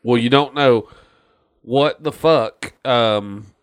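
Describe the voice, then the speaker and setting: A man's voice: medium pitch, takes it slowly, clean tone. A man on a casual podcast, ranting about a movie with heavy swearing and mocking quotes. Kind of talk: casual chat.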